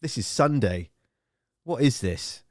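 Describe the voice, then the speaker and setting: A man's voice: mid-range voice, animated, takes it slowly, darkish tone, dry recording. A man hosting a live radio stream, chatting casually and telling a rambling, profane, jokey story full of silly acted-out voices.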